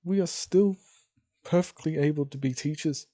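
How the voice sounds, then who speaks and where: A man's voice: on the high side, moderate pace, warm tone, close to an everyday voice. A man voicing a stern young teacher, Uraraka. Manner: firm, scolding.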